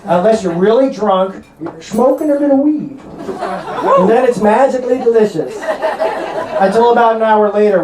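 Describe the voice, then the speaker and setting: Brash North Jersey comic, high voice. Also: male voice, animated, background noise. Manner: brash, crude punchlines with quick asides. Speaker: stand-up comedian. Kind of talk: stand-up comedy set. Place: comedy club stage. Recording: roomy club with laughing crowd. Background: audience laughter.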